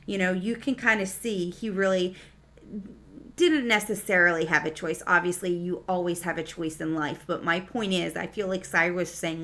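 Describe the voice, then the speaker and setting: A woman's voice: fairly low pitch, steady tone, normal speed, fairly bright tone. A woman casually recapping and reviewing a TV episode in a chatty, enthusiastic way, with many fillers. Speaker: TV series reviewer.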